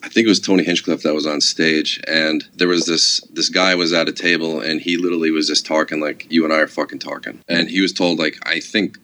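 Very deep-voiced laid-back man. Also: level tone, brisk, few pauses, bright, forceful tone. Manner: laid-back, rambling storyteller, heavy use of "like" and swearing. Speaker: guest, comedy club security guard. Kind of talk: casual conversation.

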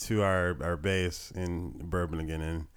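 A man's voice: low-pitched, little pitch movement, unhurried, clear, resonant tone. A man with a neutral American accent, telling stories in a casual podcast chat, upbeat and laughing often. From Georgia, USA.

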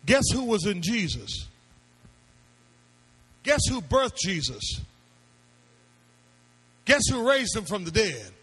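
A husky-voiced man with a high-set voice preaches to his congregation. He works through points with repeated questions and climbs into shouted appeals. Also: big pitch swings, slow pace, pauses often, rough recording. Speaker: pastor. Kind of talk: sermon.

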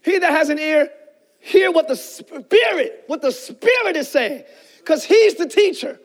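A male pastor preaching a sermon with fervent energy, often shouting and calling out to the congregation. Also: very high voice, animated, unhurried.

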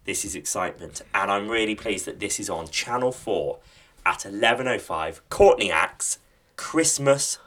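Male podcast host, lowish voice, eager and upbeat recommendations. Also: expressive, moderate pace, a bit bright. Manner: enthusiastic, plugging TV picks. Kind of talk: casual chat.

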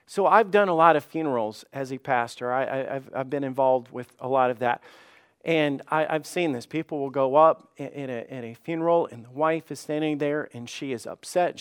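A man who is a pastor, preaching a sermon in an earnest way, often repeating words for stress and slowing down and softening on key phrases. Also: on the high side.

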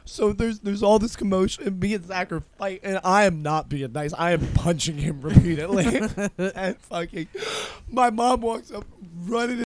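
High-voiced man telling crude stories. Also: normal speed. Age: 30s. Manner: animated, profane storytelling. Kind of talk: casual chat.

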